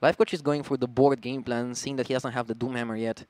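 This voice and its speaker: A man with an Eastern European accent doing relaxed, chatty commentary on a card game match. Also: mid-range voice, quick pace, no echo. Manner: relaxed, chatty, laughs often. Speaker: esports caster.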